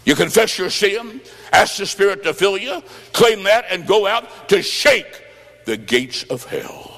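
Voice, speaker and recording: A man preaching a revival sermon in a high voice. He bursts into shouts and then sinks to low, quiet tones. His voice rings with the long reverb of a church sanctuary. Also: very animated, unhurried.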